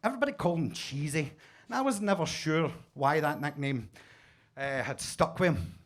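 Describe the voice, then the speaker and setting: A man's voice: a little high, animated, moderate pace. A Scottish man doing a stand-up set in a basement comedy club, telling stories with mock-pompous wordplay into a stage mic. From Scotland.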